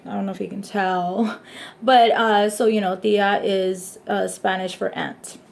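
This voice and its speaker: A woman's voice: medium pitch, flat delivery, unhurried, creaky. A young woman chatting casually in a personal vlog, rambling and laughing often as she talks. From Hispanic background, raised in the US.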